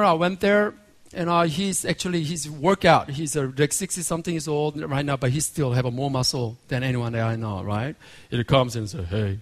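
A man, preaching a sermon as a pastor, telling a personal story with laughter and building to shouted emphasis. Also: on the high side. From Korea.

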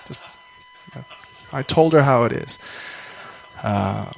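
A man's voice: medium pitch, animated, takes it slowly, creaky, low-quality recording. A Canadian man telling a personal story during a sermon, rambling and self-deprecating, sometimes acting out the voices of people he quotes.

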